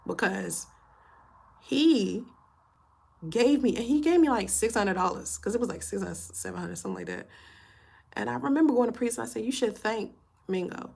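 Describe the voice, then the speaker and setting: A woman's voice: fairly low pitch, creaky, slightly rough. A woman, a channel host telling a personal story in candid casual chat to camera, tired and full of fillers and swearing.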